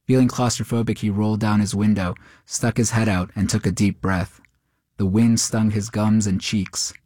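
A man narrating a short story in a steady, measured way. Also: lowish voice, dry recording, studio quality.

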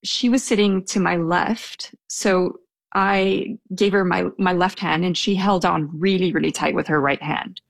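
A woman's voice: on the low side, steady tone, measured pace, gravelly, no echo. A young woman telling a personal anecdote in a casual, hesitant way, with small laughs. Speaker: storyteller guest.

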